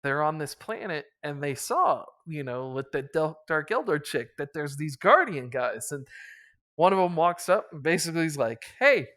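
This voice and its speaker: A man's voice: a little high, expressive, moderate pace, a bit bright. A man casually recapping a tabletop campaign as its game master, rambling with lots of fillers and chuckles.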